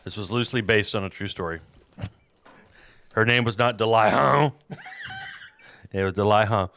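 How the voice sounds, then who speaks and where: Gravelly rambling podcast host. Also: male voice, fairly low pitch, normal speed, fairly bright tone. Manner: rambling, self-deprecating, jokey. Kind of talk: casual chat with live chat.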